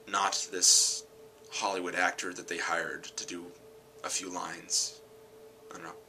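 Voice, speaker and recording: A tired man rambling casually about an anime film, correcting himself often and getting animated when something annoys him. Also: sits low, a little hiss or hum, rough recording. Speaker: channel host.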